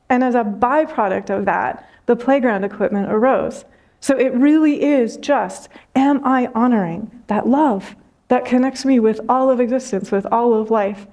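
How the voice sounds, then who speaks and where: A woman spiritual teacher giving a reflective talk after meditation, telling a story gently with frequent soft laughter and unhurried phrasing. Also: on the high side.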